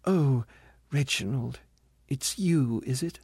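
A bitter, grieving ghost of a woman, as a male narrator puts her on, raised well above his own low voice. Her lines come out sharp, impatient and reproachful, swinging widely in pitch. The storybook reading sounds dry and close. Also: sing-song, normal speed, no room sound. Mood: disappointed, fierce. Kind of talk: audiobook character reading.

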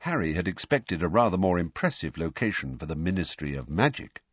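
A man narrating a storybook in an expressive, even-paced way. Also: sits low, brisk, husky, dry recording, lo-fi sound. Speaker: audiobook narrator. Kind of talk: scripted narration.

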